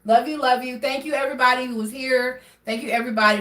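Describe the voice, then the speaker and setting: A woman's voice: fairly high pitch, fairly even intonation, normal speed, a bit bright, echoey room, distant mic. A woman reading tarot cards on a live stream, talking directly to her viewers and often checking in with "all right?". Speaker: tarot reader.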